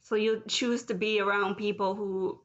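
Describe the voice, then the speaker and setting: A woman's voice: mid-range voice, fairly even intonation, moderate pace. A woman in her late thirties, speaking rawly and emotionally in a personal vlog, with flashes of anger. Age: late 30s. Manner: raw, emotional, angry and confessional. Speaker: vlogger. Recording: dull lo-fi sound.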